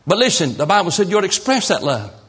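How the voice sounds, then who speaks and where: A man's voice: high voice, very animated, fast talker, fairly bright tone, breathy edge. A man preaching a sermon, telling stories with emphatic repetition. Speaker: pastor.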